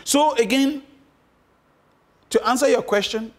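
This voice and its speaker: A man's voice: high-pitched, lively intonation, moderate pace. A middle-aged man from Cameroon answering interview questions as a political guest, emphatic and repeating his points with rhetorical questions.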